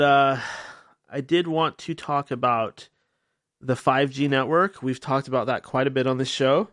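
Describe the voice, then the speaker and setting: A man's voice: mid-range voice, no echo, studio quality. A man hosting a radio-style podcast, talking in a rambling, candid, self-mocking way and swearing freely. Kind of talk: casual solo talk-show monologue.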